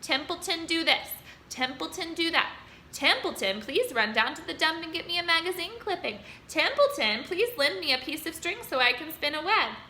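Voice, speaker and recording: A lazy, self-pitying rat who grumbles and mocks with heavy sarcasm, put on by a woman. His loud, bright complaints echo in a roomy space. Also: extremely high pitch, very animated, moderate pace, a little hiss or hum, pitched above the performer's own voice, full character voice. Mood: sarcastic. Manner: sarcastic, mocking, growling.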